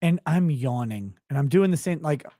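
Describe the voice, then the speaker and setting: As a podcast guest in a relaxed conversation, a man tells a story in an animated, profane style, laughing often. He sounds tired and yawns while talking. His voice is on the high side at a moderate pace, recorded with studio quality and no echo.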